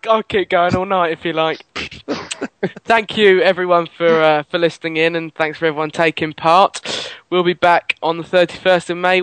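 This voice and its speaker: Laughing football fan podcast host. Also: male voice, on the high side, fairly bright tone, smooth, no room sound. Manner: reads listener messages, laughs often. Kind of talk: casual football fan chat.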